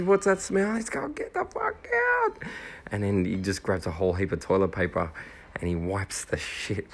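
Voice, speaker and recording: A man, hosting a podcast and telling a rambling anecdote full of halting fillers. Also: low voice. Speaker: podcast host. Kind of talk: casual anecdote storytelling.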